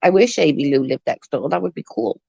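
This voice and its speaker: A woman hosts a relaxed livestream chat, answering comments in a rambling, easygoing way with casual swearing. Her voice sits low, and the recording is dry and close with no room sound. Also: a little fast, gravelly, breathy edge, no room sound, highs cut off. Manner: rambling, chatty, swears casually, laughs often. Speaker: livestream host.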